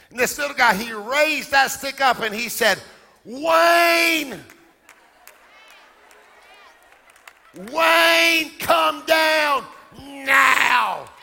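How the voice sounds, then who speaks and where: Male preacher, very bright tense tone, sing-song shouting, reverberant sanctuary with music behind. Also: very high voice, moderate pace, creaky, a faint crowd. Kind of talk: sermon. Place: church sanctuary. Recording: echoey church hall with music.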